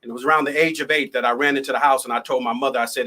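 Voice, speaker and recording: A man speaking as a motivational speaker, telling a personal story live in a conversational, lively way over a video call. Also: medium pitch, rapid-fire.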